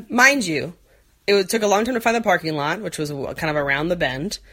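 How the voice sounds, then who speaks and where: A woman in her forties tells a long, rambling story in a casual chat, with lots of fillers and quick laughs. Her voice sits a bit low for a woman. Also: fairly bright tone. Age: 40s. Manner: rambling, chatty, many fillers, frequent laughs.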